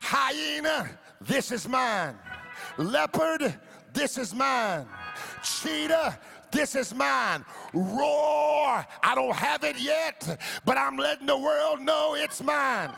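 A man preaching a sermon in a church, swinging from jokey asides to shouted, sung-out exclamations. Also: extremely high pitch, sing-song, slow, gravelly, faint music behind. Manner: playful, jokey asides to the congregation.

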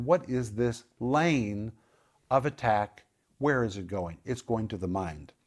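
Emphatic male Bible teacher. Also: medium pitch. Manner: emphatic, repeats words for stress, slows on key points. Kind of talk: teaching program on scripture.

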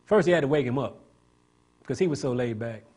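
A man preaching an impassioned sermon, building to loud emphatic points and asking the congregation questions for response. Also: medium pitch, lively intonation, brisk, husky.

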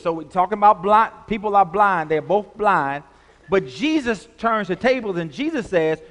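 High-voiced preaching man, echoing hall. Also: lively intonation, a bit bright. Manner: preaching with call-and-response, drawn-out emphasis. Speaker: pastor. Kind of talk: sermon. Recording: long hall reverb.

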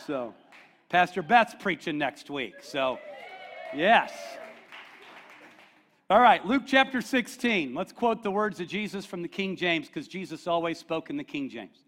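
A man's voice: a little high, expressive, moderate pace, fairly bright tone, slight background noise. A middle-aged man preaching a conversational sermon as pastor, joking with the congregation and often checking in with "okay?".

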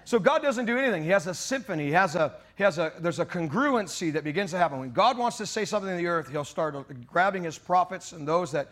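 A man preaching a sermon as pastor, in an impassioned style that climbs into shouting. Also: high voice, expressive, fast talker, hardly any pauses. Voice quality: mock British voice for God's words.

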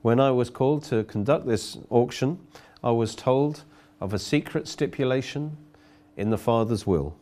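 A man's voice: medium pitch, moderate pace, dark tone, natural voice. A man voicing a male auctioneer who speaks with firm, formal insistence.

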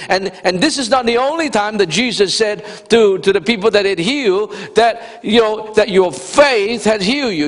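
A man preaching a sermon, animated and conversational, rising to shouts for emphasis and talking directly to the congregation. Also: high voice. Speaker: pastor. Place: church sanctuary. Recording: long reverb of a church hall.

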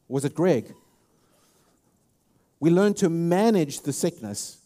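A man's voice: fairly high pitch, expressive, measured pace, pauses often, dark tone. A man with a South African accent preaching a sermon as a pastor, emphatic and full of restarts and repeated words. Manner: repetitive, emphatic, with many restarts.

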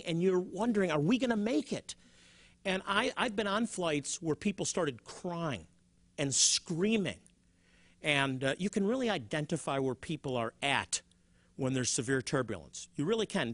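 A man teaching as a Bible teacher and TV host. He tells stories in an animated way and repeats his words. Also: fairly high pitch.

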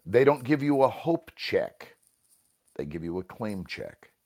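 A man, an improv teacher, explaining a game in a talk show conversation, at times chanting in rhythm. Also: medium pitch. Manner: animated, rhythmic chanting and snapping; occasional coughs, pauses to sip water.

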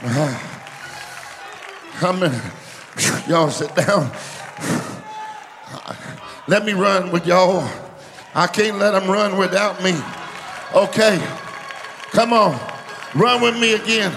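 A man, preaching a sermon, swinging from shouts to hushed asides. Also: sits high, takes it slowly, vocal fry, pauses often, crowd noise, noisy background. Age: 50s. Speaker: pastor. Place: large church sanctuary. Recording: reverberant church hall.

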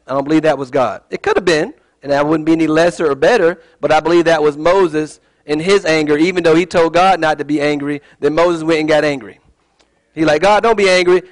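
A man's voice: a little high, low-quality recording. A man giving a casual sermon as a Bible teacher, chatty and digressive, with joking asides.

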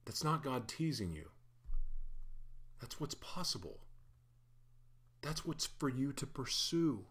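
A man preaching a sermon in a relaxed, conversational way, with playful asides and lively shifts in energy. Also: medium pitch, takes it slowly, long pauses. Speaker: pastor. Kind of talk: casual sermon.

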